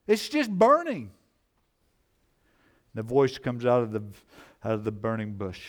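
A man preaching a sermon, slow and emphatic, repeating key phrases and swinging from loud exclamations to hushed, low lines. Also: wildly swooping pitch. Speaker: pastor.

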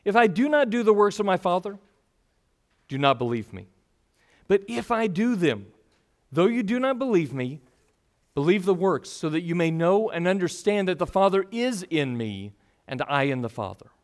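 A man's voice: sits high, sing-song, normal speed. A man preaching a sermon, teaching earnestly with rising and falling emphasis.

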